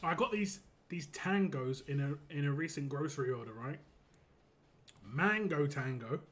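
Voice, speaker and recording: A man's voice: fairly high pitch, expressive, moderate pace. Chatty man streaming a game. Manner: chatty and rambling, laughs easily. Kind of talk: casual live-stream chat.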